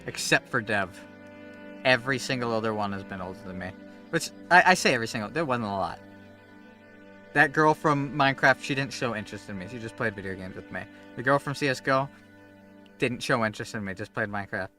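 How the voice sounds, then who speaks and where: Casting: young male streamer, bright tense voice, rambly and animated, swears a lot, faint game music behind. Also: medium pitch, fairly quick. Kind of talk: casual chat while gaming.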